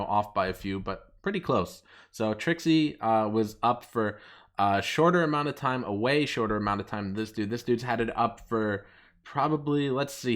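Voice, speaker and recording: Mocking, laughing man ranting. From United States. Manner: mocking, laughing often, pitch jumping up when quoting others. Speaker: channel host. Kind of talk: ranting commentary.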